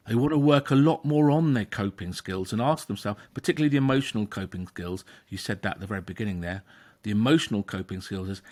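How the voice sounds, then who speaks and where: A man, a therapist hosting a talk, explaining with emphasis and acting out inner voices. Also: on the low side. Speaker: therapist and podcast host. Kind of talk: conversational explanation.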